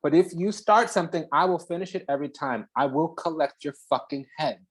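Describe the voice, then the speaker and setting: Give me a mid-pitched spiritual channel host doing a fiery, profane reading with big dramatic pauses. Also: breathy edge. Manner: heated and profane, swinging between loud and hushed.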